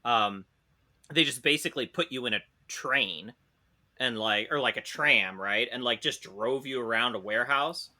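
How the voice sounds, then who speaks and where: A man telling a funny story on a casual podcast. He is animated, swears freely and often laughs. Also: mid-range voice, normal speed. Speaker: podcast co-host.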